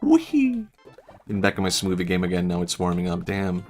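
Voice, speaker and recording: Low-voiced man rambling on a gaming stream. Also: monotone, quick pace, soft background music. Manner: rambling, laughs often, jokey voices. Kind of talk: casual gaming stream chat.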